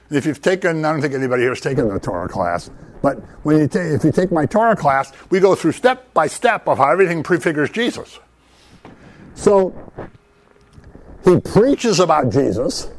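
A man's voice: fairly high pitch, low-quality recording. A man teaching the Bible to a group in a conversational sermon, often checking in with "right?" and acting out the people he quotes. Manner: animated, asks "right?", acts out quoted speakers.

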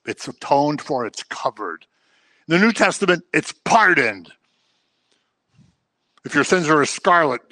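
A man's voice: a little high, bright, forceful tone, no room sound. A man giving a conversational sermon as a pastor, acting out everyday examples to make his points. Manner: conversational teaching with acted-out examples.

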